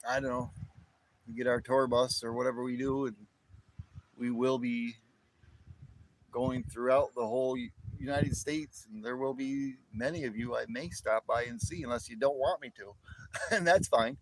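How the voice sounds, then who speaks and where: A man's voice: mid-range voice, steady tone, moderate pace. A man in his fifties from near the northern border, hosting a casual livestream chat and rambling, with frequent word repeats and chuckles. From northern New York near the Canadian border. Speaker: livestream host. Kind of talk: casual live chat with viewers.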